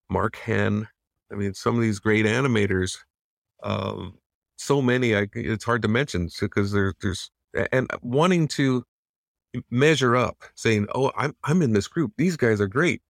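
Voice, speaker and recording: A middle-aged veteran animator with a low, creaky voice tells stories in a casual interview, recorded in clean studio sound with no echo. He is earnest and reflective, often restarting and acting out quotes.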